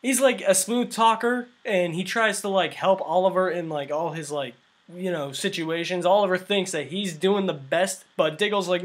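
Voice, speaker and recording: High-voiced man rambling through a review. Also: moderate pace. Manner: rambling, filler-heavy, lots of "like". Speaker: show reviewer. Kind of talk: casual review monologue.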